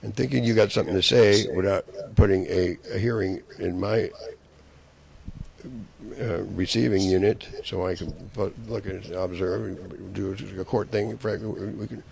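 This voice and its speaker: A man's voice: low voice, fairly even intonation, normal speed, gravelly, darkish tone. A man delivering a rambling, profane, angry monologue.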